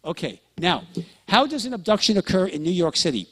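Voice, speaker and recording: A man's voice: sits high, very animated, a little fast, a bit bright. A man giving a lecture to an audience, telling stories and often checking in with listeners. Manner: storytelling, acts out quoted dialogue; addresses listeners with frequent check-ins.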